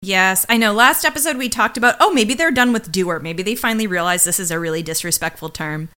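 Bright-voiced young woman, playful recap chat. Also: mid-range voice, fast. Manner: playful, dramatic asides, jokey. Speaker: podcast co-host.

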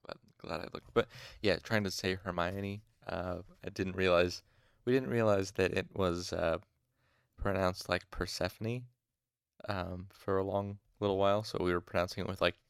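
A man's voice: low voice, fairly even intonation, moderate pace, vocal fry, clear, resonant tone, no room sound, clean studio sound. A man reading a fantasy novel aloud, stopping for chatty asides about how to say names. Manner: chatty asides, fixing pronunciations. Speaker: audiobook reader. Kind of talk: casual fan audiobook reading.

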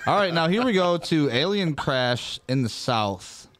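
A man's voice: fairly high pitch, big pitch swings, a little slow, a bit bright, a little hiss or hum. A man co-hosting a casual comedy podcast, swearing freely and joking around with his co-host. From northern US. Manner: crude, joking, lots of swearing.

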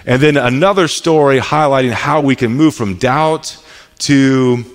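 In an echoey hall, a pastor in his thirties delivers a casual, conversational sermon at a measured pace. His voice sits at medium pitch, and he often repeats words as he restarts his sentences.

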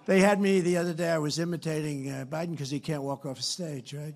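An older man with a gravelly voice delivers a campaign rally speech into a stage microphone. He rambles and repeats himself, turns sarcastic, and swings from loud, punchy lines to low asides. His voice sits a bit high for a man. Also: fairly even intonation, fast, hardly any pauses, a little hiss or hum. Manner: rambling and repetitive, swinging between loud and soft. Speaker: political candidate. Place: rally stage before a crowd.

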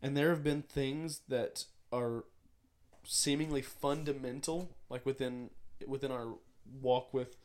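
An earnest young man with a mid-pitched voice chats casually on a podcast. He talks in a reflective way and slips into acted-out dialogue as he tells his stories. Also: steady tone, a little slow, darkish tone. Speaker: podcast co-host. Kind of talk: casual chat.

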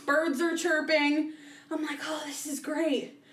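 A woman on a podcast telling a story in a casual, animated way, acting out what people said in little voices. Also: high-pitched, takes it slowly, recorded from a distance. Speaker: podcast co-host. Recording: roomy echo, voice a bit off-mic.

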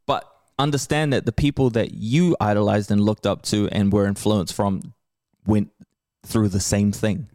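A man's voice: fairly low pitch, fairly even intonation, brisk, darkish tone, no echo, clean studio sound. A man, talking brashly as a podcast guest, swearing freely and laughing often. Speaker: podcast guest, rapper and comedian. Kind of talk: casual podcast conversation.

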